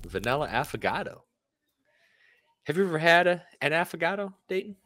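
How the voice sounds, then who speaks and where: A man's voice: on the high side, sing-song, a little fast, fairly bright tone. A man co-hosting a casual chat, adding wry, teasing remarks. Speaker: podcast co-host.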